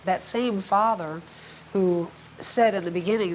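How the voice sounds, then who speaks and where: A woman, a swimmer, recalling her life in an unhurried, reflective personal story. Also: medium pitch, darkish tone, a little hiss or hum, low-quality recording. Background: instrumental music.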